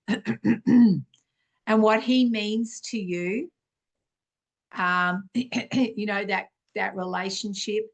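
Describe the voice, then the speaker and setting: A middle-aged woman gives informal spiritual teaching as a podcast host, speaking in an unhurried, conversational way and clearing her throat often. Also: medium pitch.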